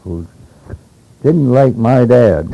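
An older man from Alaska recalling old stories in a rambling, halting way, with many hesitations and chuckles, on a dull lo-fi tape. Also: medium pitch, expressive, creaky, dark tone, slight background noise. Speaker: interviewee. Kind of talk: oral history reminiscence.

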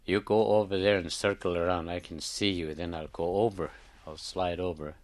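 A man voicing a huge lake fish monster who speaks quietly and hesitantly. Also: low-pitched, fairly even intonation, moderate pace, close to an everyday voice. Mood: agreeable.

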